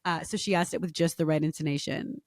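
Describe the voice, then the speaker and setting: A woman's voice: low voice, steady tone, fast, gravelly, no echo, clean studio sound. A woman in her thirties from Canada, a podcast guest talking candidly and reflectively in casual chat. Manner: candid, reflective, often laughs.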